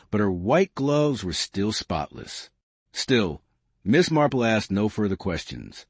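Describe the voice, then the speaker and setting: A man narrating a bedtime mystery story in a calm, unhurried way. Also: fairly low pitch, dry recording.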